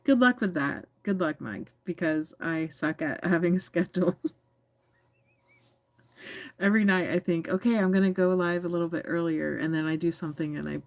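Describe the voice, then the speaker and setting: American woman streamer, low voice, giggly, teasing, dry close sound, casual chat. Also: moderate pace, no echo. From United States. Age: adult. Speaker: livestream host reading chat.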